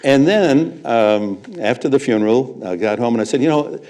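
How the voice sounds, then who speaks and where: An older man, a veteran sportscaster, telling anecdotes on stage as a lively raconteur. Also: medium pitch, normal speed. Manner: lively raconteur, chuckles between punchlines. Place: live event before an audience.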